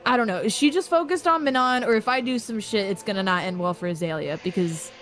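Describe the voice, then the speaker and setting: A woman's voice: mid-range voice, fast talker. A woman playing a tabletop game, chatty and self-deprecating. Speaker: player.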